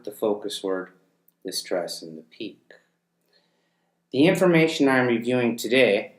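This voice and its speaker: A man narrating a lesson in a measured, explanatory way, with deliberate pauses between phrases. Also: on the low side, echoey room. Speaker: teacher.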